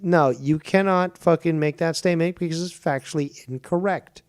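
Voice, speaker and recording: A man's voice: on the high side, normal speed, clear, resonant tone. A man hosting a heated podcast debate, ranting with emphatic swearing. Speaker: show host.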